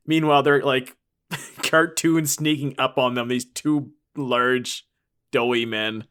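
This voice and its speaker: Podcast dude making fun of a bad movie, sarcastic riffing, keeps laughing. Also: male voice, medium pitch, fairly even intonation, slow, fairly bright tone, smooth. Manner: mocking, sarcastic, laughs at the film. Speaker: podcast co-host. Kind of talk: casual chat riffing on a film.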